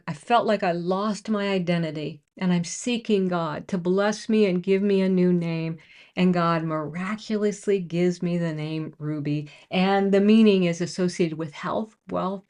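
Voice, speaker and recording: Woman, lowish voice, testimony speaker, emotional storyteller, self-recorded to camera. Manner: emotional, storytelling, with restarts and rising excitement. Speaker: Christian speaker sharing a testimony. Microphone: own camera.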